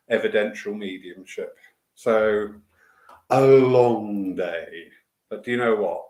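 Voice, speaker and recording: Slow, chatty man in an echoey hall. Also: fairly low pitch. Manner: chatty, enthusiastic, with fillers and asides. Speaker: spiritualist church event organizer. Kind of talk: casual spoken announcements. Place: church hall.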